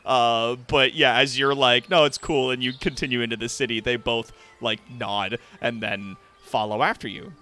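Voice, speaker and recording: A man narrating a tabletop game as game master, animated and laughing often. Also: medium pitch, normal speed, few pauses, faint music behind.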